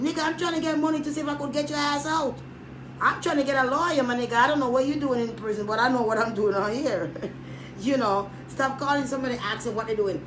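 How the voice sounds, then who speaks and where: A woman rambling casually to camera, joking loudly, swearing and trailing off into mutters. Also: high-pitched, fast. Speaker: vlogger. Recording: echoey room, noisy background.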